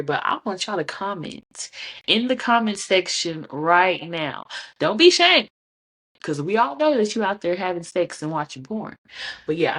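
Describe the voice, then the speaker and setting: A young woman talks frankly and bluntly to her listeners, laughing easily as she goes. Her voice sits on the low side for a woman. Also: fairly bright tone. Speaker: podcast host. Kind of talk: casual candid chat to camera.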